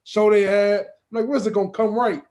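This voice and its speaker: A man's voice: high-pitched, steady tone, fairly quick, darkish tone. A man hosting a podcast in casual chat, laughing often and slangy, with a disbelieving tone. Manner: laughing, incredulous, slangy, says "bro" a lot. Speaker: podcast host.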